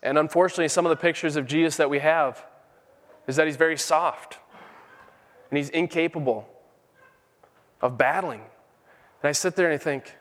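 A man's voice: fairly high pitch, moderate pace, pauses often, a bit bright. A middle-aged man preaching a sermon with fervent, emphatic peaks. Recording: long hall reverb.

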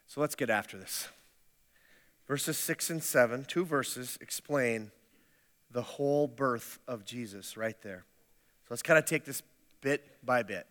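A man's voice: mid-range voice, unhurried, long pauses, a bit bright. A male pastor giving a sermon in a conversational, humorous way, often restarting his sentences. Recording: long hall reverb.

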